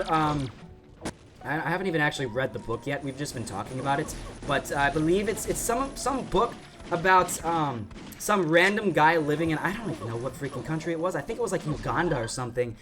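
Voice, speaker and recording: A teenage boy giving casual, rambling commentary over his gameplay, excitable and full of asides. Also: on the high side, brisk. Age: teens. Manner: rambling and excitable, often saying okay and freaking. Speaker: gaming YouTuber.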